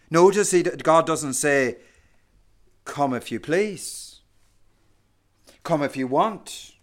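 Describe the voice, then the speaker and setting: A man preaching a sermon, slow and emphatic, swinging from hushed lines to loud ones. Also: medium pitch.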